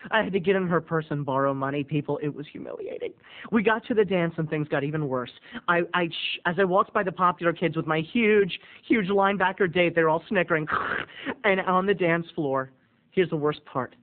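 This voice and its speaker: A man telling a comic personal story to viewers in an animated way, addressing them directly. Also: fairly high pitch, brisk. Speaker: video blogger. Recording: tinny phone-like audio.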